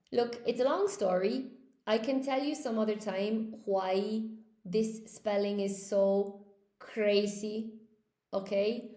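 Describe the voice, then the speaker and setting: A woman's voice: mid-range voice, dark tone, echoey room. A woman teaching a live online English lesson, chatting and answering viewer comments as she goes, often repeating words for emphasis.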